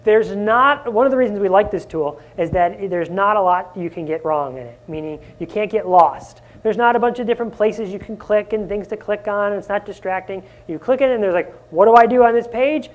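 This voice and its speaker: A man presenting a live conference workshop, energetic and often asking the audience questions. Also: high voice, fairly quick, few pauses, muffled recording. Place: conference room.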